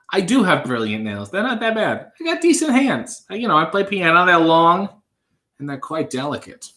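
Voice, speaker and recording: A man's voice: high voice, big pitch swings, normal speed, sharp tone. A man in his thirties hosting a live stream, reading out viewer comments with a dry, offhand humor.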